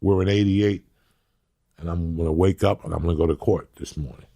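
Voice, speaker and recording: A middle-aged man hosting a podcast, telling rambling, animated stories in casual chat. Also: low voice, a little fast. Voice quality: very raspy and gravelly. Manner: animated, rambling, acts out scenes. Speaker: podcast host.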